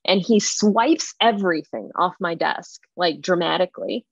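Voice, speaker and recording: A woman guest retelling a workplace story in casual, animated talk full of fillers. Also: fairly low pitch, moderate pace, creaky, breathy edge, no echo. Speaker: interview guest. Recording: muffled lo-fi dry recording.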